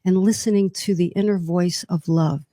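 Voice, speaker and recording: A woman hosts a podcast interview, listening closely and following up with reflective, empathetic questions. Her voice sits a little low for a woman. The recording is dry, with almost no room sound. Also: steady tone, moderate pace, mellow, no echo. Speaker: podcast host.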